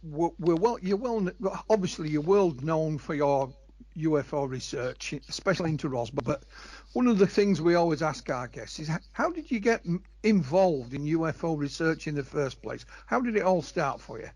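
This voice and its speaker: A man co-hosting an interview, introducing and questioning a guest in a halting way. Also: a little high, expressive, a little mellow. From United Kingdom. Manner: halting, with fillers and restarts. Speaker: co-host.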